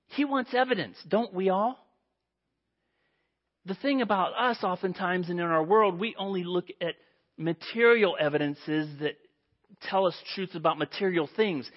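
A man preaching a sermon to a congregation, telling a story with animated delivery and acting out the quoted voices. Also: sits high. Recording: dull lo-fi.

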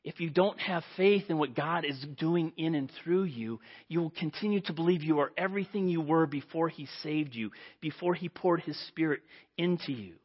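A man preaching a sermon to a congregation, telling a story with animated delivery and acting out the quoted voices. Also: a little high, normal speed, slightly rough. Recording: dull lo-fi.

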